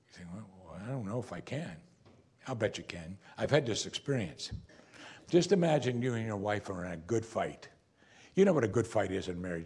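A man preaching a sermon as a pastor, earnest, often dropping to a soft voice for quoted words. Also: mid-range voice, slightly rough.

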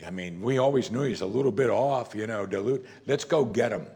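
A man's voice: medium pitch, brisk, creaky, a little mellow. A man preaching a sermon as pastor, talking in a conversational, emphatic way and often saying "you see".

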